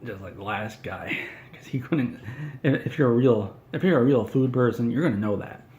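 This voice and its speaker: A man's voice: mid-range voice, expressive, moderate pace, darkish tone, highs cut off. A man doing an in-character comedy monologue, ranting in an indignant, whiny, self-important way.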